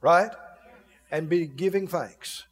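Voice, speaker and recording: A man preaching a sermon in an animated way, acting out grumbling people for his congregation. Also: a little high, takes it slowly, long reverb tail.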